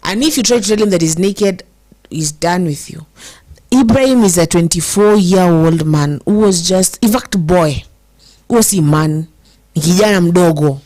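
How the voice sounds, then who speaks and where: A woman's voice: lowish voice, warm tone. Emotional Kenyan woman hosting commentary. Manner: code-switches English and Swahili, emotional, slows to stress words. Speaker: show host reading viewer comments. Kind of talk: casual commentary.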